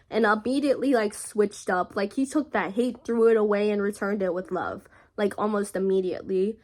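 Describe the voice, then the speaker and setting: A young woman vlogger telling a personal story in a halting, emotional way, with frequent fillers and pauses. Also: fairly high pitch.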